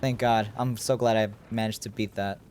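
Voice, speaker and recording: A man with a lowish, steady, somewhat dark voice streams a video game, speaking at a moderate pace over slight background noise. He rambles as he plays, voicing his thoughts and conversing with his viewers.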